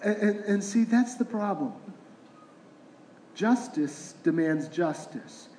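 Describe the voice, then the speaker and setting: A man's voice: high voice, animated, slow pace, mellow, a little hiss or hum. A middle-aged man, a pastor, preaching a conversational sermon full of rhetorical questions. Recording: roomy echoing hall.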